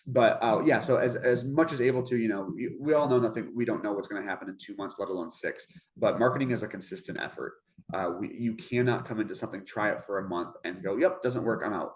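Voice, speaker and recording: A man's voice: fairly low pitch, fast, slight background noise. A man presenting an informational webinar over a video call, talking earnestly and conversationally with many restarts. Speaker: webinar presenter for a marketing program.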